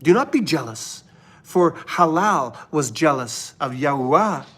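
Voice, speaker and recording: A man from Canada hosting a livestream of religious commentary, preaching fervently and then dropping to a hushed murmur. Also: on the high side, expressive, unhurried. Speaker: livestream host.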